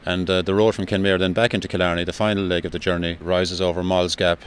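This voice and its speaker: A man with a Kerry Irish accent, a walking tour guide explaining things in an unhurried way with fillers in a radio travel interview. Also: sits low, flat delivery, a little hiss or hum. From Ireland.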